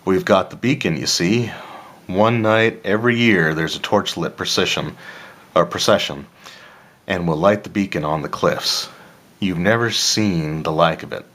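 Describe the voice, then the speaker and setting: A man's voice: sits low, a little slow, fairly bright tone. A man voicing a kindly village landlady who talks in a homely, chatty way with a faint drawl. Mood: hospitable. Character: kindly village landlady, middle-aged woman.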